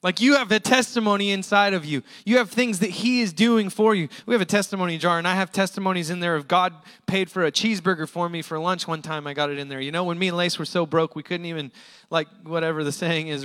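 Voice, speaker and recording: High bright-voiced preaching man. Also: fairly even intonation, big-room sound. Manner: casual, conversational, emphatic with quick asides. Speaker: pastor. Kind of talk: storytelling sermon.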